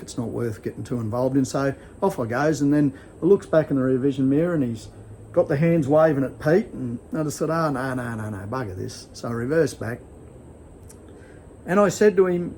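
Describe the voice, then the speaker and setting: A man's voice: mid-range voice, moderate pace, mellow, slight background noise, low-quality recording. An older Australian man telling a rambling story to camera at home, with many fillers and restarts. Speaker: vlogger. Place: at home sitting with his dogs.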